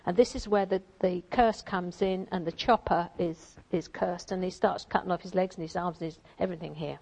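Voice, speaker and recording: A woman's voice: on the low side, steady tone, brisk, gravelly, hardly any pauses, husky, poor audio. Chatty woman giving a sermon. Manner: chatty and warm with frequent ums and asides. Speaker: church speaker. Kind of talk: informal sermon with a read-aloud passage.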